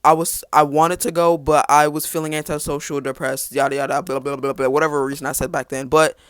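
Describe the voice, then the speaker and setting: A man's voice: on the high side, little pitch movement, fairly quick, a bit bright, smooth, no room sound. A teenage boy telling a rambling personal story on his podcast, with restarts and sarcastic asides. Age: teens. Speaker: podcast host. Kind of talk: casual storytelling.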